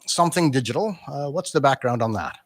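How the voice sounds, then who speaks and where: A man with a mid-pitched voice hosts a community radio interview. He stumbles through fillers and restarts as he talks, and his voice sounds dry and close to the mic. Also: expressive, fairly quick, dry recording. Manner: hesitant, with many fillers and restarts. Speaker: radio host.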